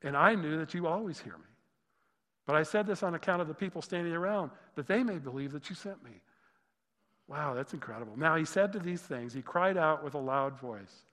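Higher-voiced male pastor preaching in a hall. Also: fairly quick. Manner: expressive, exclaiming, swings between loud and hushed. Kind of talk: sermon. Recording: long hall reverb.

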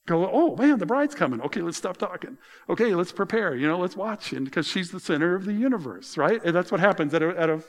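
A man's voice: fairly high pitch, fairly bright tone, in a large hall. A middle-aged man preaching a sermon as a pastor, talking in a loose, conversational way with folksy asides and quotes he acts out.

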